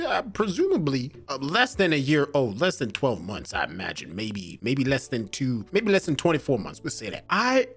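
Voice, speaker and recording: A man's voice: mid-range voice, moderate pace, hardly any pauses, slightly rough, soft background music. A man hosting a video, reading news and reacting with casual, laughing commentary. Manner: animated, laughing, casual slang. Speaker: host.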